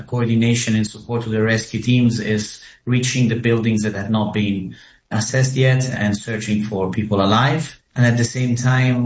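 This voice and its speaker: A man speaking as an official in an interview clip, explaining in a steady, even way. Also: fairly low pitch. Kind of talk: interview soundbite. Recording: roomy sound with faint background noise.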